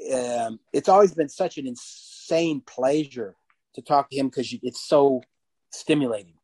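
An older man talking as a podcast guest in a rambling, animated way, laughing often as he tells stories. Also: fairly high pitch, no room sound. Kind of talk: casual interview chat.

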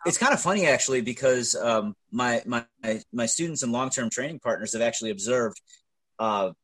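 Husky man, stammering podcast guest. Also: mid-range voice, expressive, fairly quick, fairly bright tone, no echo, poor audio. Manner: hesitant, stammering restarts. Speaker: podcast guest and grappling coach. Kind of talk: casual podcast chat.

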